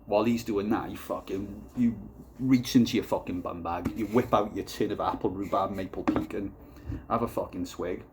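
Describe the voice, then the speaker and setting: Low-voiced guy rambling and swearing through a beer review, deadpan. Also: normal speed, background noise. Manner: rambling, profane, deadpan storytelling. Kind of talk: casual comic vlog.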